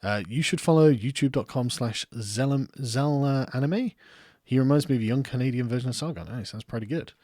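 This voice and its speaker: A young adult Englishman from England, this political commentary streamer reads viewer comments on a casual livestream, rambling, laughing often, swearing freely and mocking himself. His English-accented voice sits at medium pitch with a darkish tone and a fairly quick pace. The studio-quality recording has no echo.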